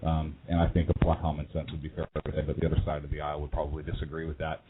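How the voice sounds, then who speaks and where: Deep-voiced male radio co-host, phone-like sound. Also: monotone. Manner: measured, explanatory. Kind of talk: talk radio. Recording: phone-like line with noise.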